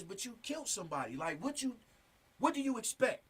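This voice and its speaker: A man delivers a casual, earnest monologue as a talk show host. His voice sits high, and he presses his points hard with street slang and frequent "you know what I'm saying.". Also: very animated, a little fast, husky.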